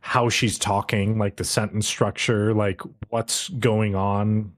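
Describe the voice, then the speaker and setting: A man co-hosting a podcast, recapping a show episode in an animated, profane, casual way. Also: lowish voice, slow pace. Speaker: podcast co-host.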